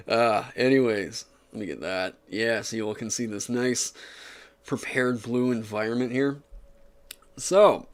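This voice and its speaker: A man's voice: medium pitch, measured pace, clean tone. A man chatting casually on his livestream, rambling with lots of fillers in an upbeat way. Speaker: streamer. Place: home streaming setup.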